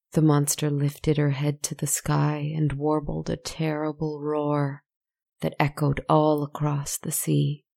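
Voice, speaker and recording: Low, gravelly woman telling a slow story. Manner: slow, hushed storytelling with asides to the listener. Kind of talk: scripted story narration. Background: faint music.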